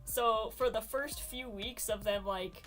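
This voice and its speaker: A woman streamer chatting casually and telling stories in an animated, giggly way. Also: a little high, a little slow, faint music behind. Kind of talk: casual chat about fan stories.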